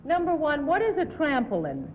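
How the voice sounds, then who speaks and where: A woman's voice: sits high, huge pitch swings, moderate pace, over loud music. A woman questioning contestants as a game show panelist, light and amused. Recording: dull 1950s TV broadcast, loud hiss, hall reverb.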